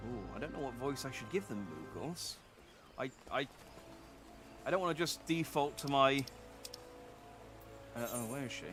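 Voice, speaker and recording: A man's voice: medium pitch, animated, moderate pace, long pauses, music in the background. A man streaming as a VTuber, chatting casually through a game and often correcting himself mid-sentence. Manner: rambling, self-correcting, chatty. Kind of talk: casual gameplay commentary.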